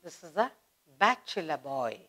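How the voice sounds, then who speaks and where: A woman with an Indian English accent teaching a beginner grammar lesson, slowly repeating word pairs with emphasis. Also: low voice, very animated, fairly bright tone. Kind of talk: slow classroom grammar lesson.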